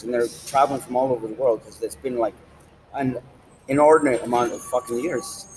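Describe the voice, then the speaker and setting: Outdoors, a man stands smoking a cigar while vlogging in a loose, rambling monologue, swearing often and hopping between topics. His mid-range voice is steady, slightly quick and a little mellow. The recording is rough, with a faint hiss or hum.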